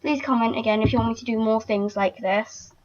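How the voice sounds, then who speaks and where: A woman's voice: on the high side, steady tone, fairly quick. A young woman vlogging casually, chatty and emotional, with lots of filler words. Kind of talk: casual fan vlog. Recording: dull lo-fi recording.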